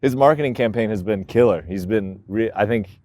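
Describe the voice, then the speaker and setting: Laid-back lower-voiced man. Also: a little fast, warm tone. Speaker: podcast co-host. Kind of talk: casual chat.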